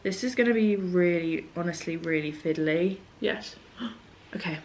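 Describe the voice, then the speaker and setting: A young woman with a slightly low voice talks straight to a camera on a tripod at home. She tells stories in a chatty, self-mocking way and keeps things lively and casual. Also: moderate pace, a little hiss or hum. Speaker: beauty vlogger. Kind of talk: casual vlog chat to camera. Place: home room at a table.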